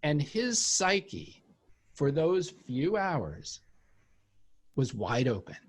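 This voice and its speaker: A man's voice: on the high side, very slow, husky. A man speaking as an interview guest, telling a personal story in casual conversation and acting out the voices of the people in it. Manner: animated storyteller who acts out quoted voices. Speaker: interview guest, author and former cult member.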